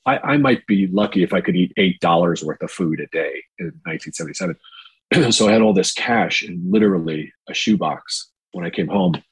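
Low husky older man telling stories. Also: fairly quick, no echo, poor audio. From New York. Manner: relaxed, rambling with fillers, mimics quoted voices. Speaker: actor. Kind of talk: storytelling in a casual interview.

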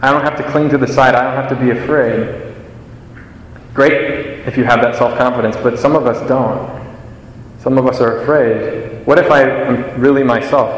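A man's voice: medium pitch, slight background noise. A young man giving a homily in a chatty, self-deprecating storytelling manner. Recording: echoey church with long reverb.

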